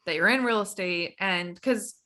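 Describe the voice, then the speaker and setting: A woman's voice: mid-range voice, normal speed, bright, forceful tone. A woman hosting a podcast interview, reacting to her guest with enthusiasm and encouragement. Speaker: podcast host. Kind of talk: casual interview chat.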